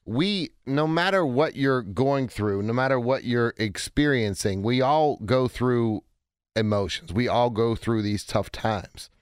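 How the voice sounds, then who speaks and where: A man in his forties hosting a call-in radio show, talking in an energetic, chatty way with a hoarse, cracking voice. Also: mid-range voice, measured pace, no room sound, clean studio sound. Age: 40s. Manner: energetic, chatty, self-interrupting. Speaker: radio talk show host.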